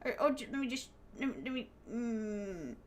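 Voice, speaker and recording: A woman's voice: on the high side, moderate pace. A young adult woman streaming a game, chatting casually with viewers in a bubbly, giggly way, full of fillers and sudden squeals, calling her audience pet names. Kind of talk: casual chat while gaming.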